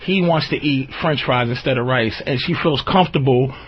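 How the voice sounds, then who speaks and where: A man's voice: mid-range voice, moderate pace, slightly rough, lo-fi sound. A man hosting a radio talk show, talking casually in a rambling, emphatic way and often checking that the listener follows. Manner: rambling, emphatic, often asks "you understand".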